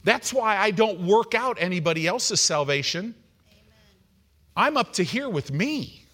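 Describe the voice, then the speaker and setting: A middle-aged man preaching an evening sermon, animated and conversational, acting out the people he quotes. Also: sits high, unhurried. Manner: animated, acts out quoted voices. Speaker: pastor.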